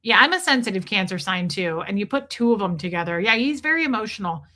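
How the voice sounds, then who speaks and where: Middle-aged woman, livestream host, bright tone, chatty and heartfelt, breaks off to greet viewers. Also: medium pitch, lively intonation, quick pace. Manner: chatty and emotional, greets viewers by name mid-story. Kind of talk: casual livestream chat.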